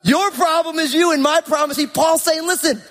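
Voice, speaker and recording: A middle-aged man preaching a sermon with emphatic, animated delivery and rhetorical questions. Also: extremely high pitch, a little fast. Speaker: pastor. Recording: long hall reverb.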